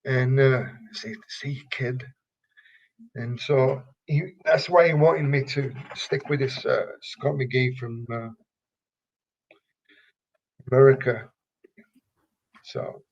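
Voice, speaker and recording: An older man from England, a former wrestler telling stories in an interview, halting and rambling with many fillers. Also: mid-range voice, fairly even intonation, a little mellow. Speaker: retired pro wrestler, guest. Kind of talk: casual interview storytelling. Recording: dull lo-fi recording.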